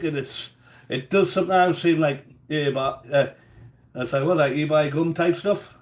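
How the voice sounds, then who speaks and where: A man's voice: fairly high pitch, darkish tone. A man chatting casually in his home kitchen during a live cooking stream, rambling and often repeating words as he goes.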